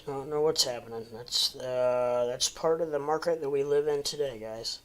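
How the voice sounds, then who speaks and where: A man's voice: medium pitch, moderate pace. A man in his forties from the Midwest, rambling casually at home as host of a livestream and answering chat. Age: 40s.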